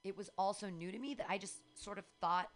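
A middle-aged woman hosting a casual chat, telling frank stories in an animated way, with faint noise behind. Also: mid-range voice, fast. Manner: candid, animated storytelling with acted quotes.

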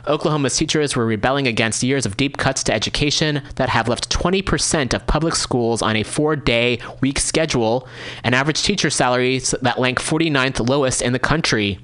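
Male radio host, reads news aloud, casual candid asides, middle pitch. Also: a little fast, a bit bright. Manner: casual, candid asides between read passages. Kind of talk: reading news articles aloud with comments. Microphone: studio microphone, no camera.

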